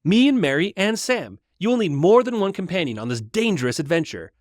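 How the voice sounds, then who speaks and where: A man's voice: high-pitched, very animated, fairly quick, no room sound, clean studio sound, pitched above the performer's own voice. A man voicing a cheeky, eager young male hobbit in a storybook retelling, teasing and insistent.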